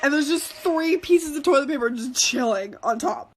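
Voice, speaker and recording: A young woman telling a casual storytime in a lively, amused manner. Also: sits high, moderate pace, hardly any pauses, faint music behind.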